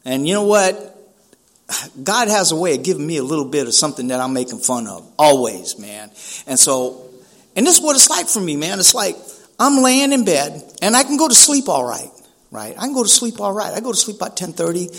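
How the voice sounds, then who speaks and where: A man's voice: on the high side, very animated, brisk, a bit bright. A man from San Francisco giving a personal recovery talk, speaking casually with street slang, often saying "man" and acting out dialogue.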